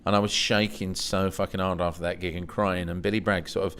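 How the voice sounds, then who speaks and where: A middle-aged English man with a fairly low voice tells stories from his past in a relaxed interview. He acts out the dialogue, his voice leaping up in pitch for his own quoted lines. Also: fairly quick, smooth. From England. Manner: animated anecdotes, swooping up high when quoting himself. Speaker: podcast guest. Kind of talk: storytelling in a casual interview.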